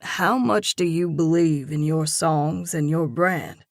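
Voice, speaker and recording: A woman reading an audiobook and voicing a grounded young man who talks in a calm, encouraging, lightly teasing way. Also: deep voice, slow, no room sound, studio quality. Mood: coaxing. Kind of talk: audiobook dialogue.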